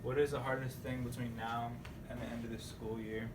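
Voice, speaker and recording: A man's voice: mid-range voice, flat delivery, a little fast, background noise. A teenage boy answering his own questions for a school video diary, hesitant and mumbling with many ums. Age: teens. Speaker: high school student. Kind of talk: self-interview video diary.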